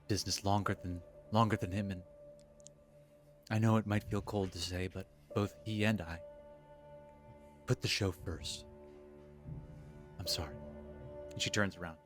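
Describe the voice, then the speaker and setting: A male game master narrating a tabletop game, pausing often with fillers and restarts. His voice sits low, with faint music in the background. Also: steady tone. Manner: halting, filler-heavy.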